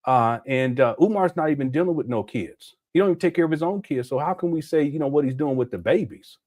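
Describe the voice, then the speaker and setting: A man's voice: on the high side, fast talker, a little mellow. A man hosting a casual reaction commentary, joking and laughing as he fires off incredulous rhetorical questions. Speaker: commentary host.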